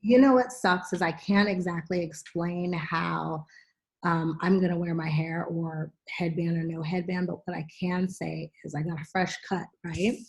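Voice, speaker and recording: A middle-aged woman hosting a podcast, telling stories in a casual, animated way and acting out what people said. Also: fairly low pitch, moderate pace, gravelly. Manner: animated storyteller, acts out quotes. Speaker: podcast host and actress. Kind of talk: casual chat, storytelling.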